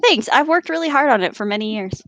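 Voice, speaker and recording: A woman's voice: animated, fast, a bit bright, no echo. A woman with a Colorado accent co-hosting a podcast, chatting and joking between passages she reads aloud. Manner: joking, reads narration in a lower solemn voice. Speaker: podcast co-host reading aloud. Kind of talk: casual chat and book read-aloud.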